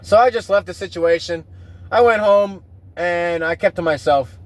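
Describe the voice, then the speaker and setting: A man with a fairly high voice rambles through a solo podcast rant. He swears freely and keeps circling back and restarting his sentences, in a loose and casual delivery. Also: moderate pace. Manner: profane, rambling, with frequent restarts. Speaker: podcast host.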